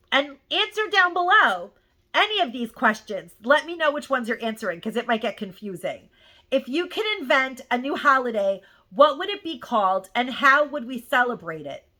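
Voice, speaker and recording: A middle-aged woman hosting a casual haul vlog with a bright, forward tone and a somewhat high voice. She gushes over her finds and rambles freely, peppering her talk with "like" and "um". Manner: gushing, rambling, lots of "like" and "um". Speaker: YouTube haul vlogger. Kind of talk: casual chatty haul review.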